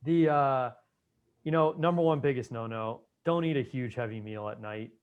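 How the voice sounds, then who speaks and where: A man's voice: mid-range voice, normal speed, clean tone, phone-quality sound. A man who is an Ayurvedic doctor, chatting casually as an interview guest, with lots of "you know" fillers.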